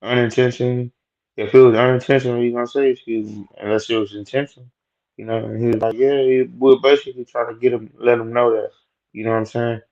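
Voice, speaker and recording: A man's voice: mid-range voice, level tone, fast talker, darkish tone. A young man telling a rambling, profane story about a workplace run-in in a loose, slangy way. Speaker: vlogger telling a work story. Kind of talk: casual storytelling monologue. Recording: dull lo-fi audio.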